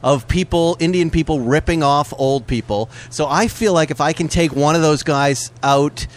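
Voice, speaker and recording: A man on a podcast, telling stories in a lively, profane way and laughing as he goes. His voice sits a little high for a man. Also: moderate pace. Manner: animated storyteller, profane, laughs often. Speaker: podcast co-host. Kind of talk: casual chat. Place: breakfast nook of a restaurant.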